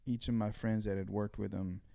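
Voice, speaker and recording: Man, interview guest, soft-spoken, hesitant, mellow voice, smooth tone. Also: lowish voice, level tone, a little fast. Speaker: guest songwriter. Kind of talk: casual interview chat.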